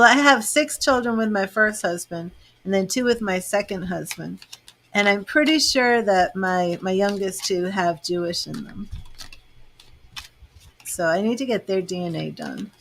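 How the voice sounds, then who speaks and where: Chatting casually with livestream viewers, a middle-aged psychic host and tarot reader from Boston, Massachusetts rambles along and laughs a lot. Her pitch is medium and her tone fairly bright. Some faint background noise can be heard.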